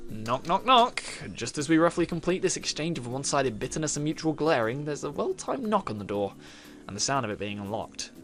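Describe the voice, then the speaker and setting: A man's voice: fairly high pitch, big pitch swings, quick pace, soft background music. A man playing through a visual novel, reading its narration aloud and reacting with swearing and laughter. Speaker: gaming youtuber.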